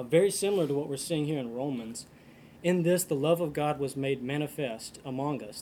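Man, Bible study leader, casual discussion, thinking aloud, reads scripture, mellow tone. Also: mid-range voice, a little hiss or hum. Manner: earnest, thinking aloud with frequent ums.

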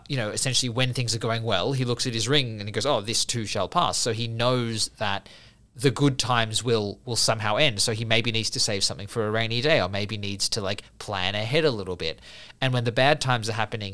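With a lowish, sharp-toned voice, this man talks fairly quickly and with fairly even intonation. He's a podcast guest taking a Buddhist view, chatting casually as he explains a Buddhist idea and tells a story, stumbling through many fillers and restarts.

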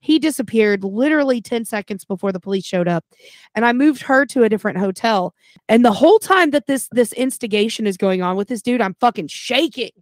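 A woman podcast co-host telling a story in a casual, animated and profane way. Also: on the high side, a little fast, no echo.

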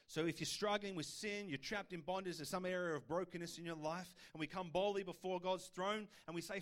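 Brief: male pastor, fairly high voice, chatty preaching with rhetorical questions. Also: a little fast, few pauses. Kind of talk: sermon.

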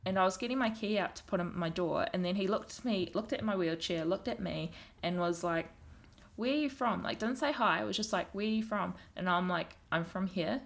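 A woman's voice: on the low side, brisk, few pauses. A woman with a New Zealand accent, talking frankly and emphatically in a casual conversation. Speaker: guest.

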